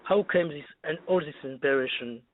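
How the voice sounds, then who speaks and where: Halting caller on a phone line. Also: male voice, fairly high pitch, slight background noise. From France. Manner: halting, searching for words. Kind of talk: phone-in question. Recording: tinny phone line on radio.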